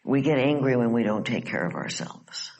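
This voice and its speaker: A man leading a live workshop, coaching a participant with calm, direct, probing questions. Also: medium pitch, normal speed, creaky, poor audio. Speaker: workshop facilitator.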